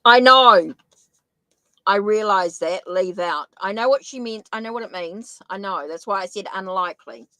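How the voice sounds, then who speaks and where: A woman's voice: medium pitch, moderate pace, fairly bright tone, no room sound, low-quality recording. A woman with a New Zealand accent giving a live-stream tarot reading, thinking aloud and correcting herself as she goes. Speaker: tarot reader.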